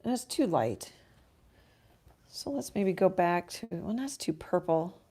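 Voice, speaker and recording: A woman's voice: on the low side, expressive, unhurried, warm tone, breathy edge. A woman talking through her painting in a casual livestream from her art studio, musing to herself as she works. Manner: musing, self-talk while painting, trails off. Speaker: art teacher painting live.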